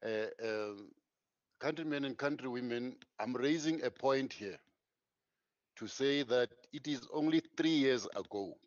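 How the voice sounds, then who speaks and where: A man's voice: mid-range voice, unhurried, no echo. A man with a South African accent speaking as a panelist over a video call, solemn and oratorical. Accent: South African English. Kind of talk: formal address to a panel. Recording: dull, dry video-call audio.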